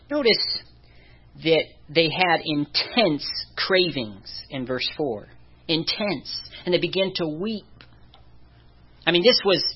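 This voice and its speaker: A preacher giving a conversational sermon, chuckling softly now and then. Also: mid-range voice, breathy edge. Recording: dull lo-fi recording.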